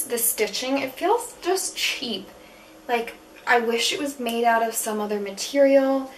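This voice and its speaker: A woman's voice: on the high side, far from the mic, a little hiss or hum. A young woman reviewing beauty products in a casual chat, frank and full of fillers. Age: young adult. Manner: chatty, frank, many fillers. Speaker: beauty vlogger. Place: room at school.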